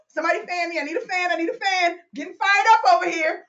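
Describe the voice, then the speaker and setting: A woman's voice: very high-pitched, lively intonation, moderate pace, long pauses, highs cut off, heavy background noise. A woman hosting a live Q&A call, reading out listeners' comments and cheering them on with whoops and laughter. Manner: exuberant, whoops and laughs often; hypes up listeners, calls them y'all.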